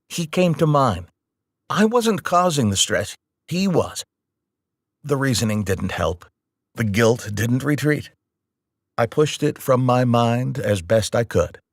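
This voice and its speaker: A man narrating a novel in the first person at a steady, measured pace. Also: fairly low pitch, dry recording, studio quality. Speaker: audiobook narrator.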